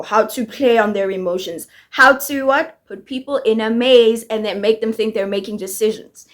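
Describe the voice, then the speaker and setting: A woman giving a heated, profane rant about a TV finale, firing off rhetorical questions as a commentator. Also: medium pitch. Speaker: TV show commentator. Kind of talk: casual ranting review.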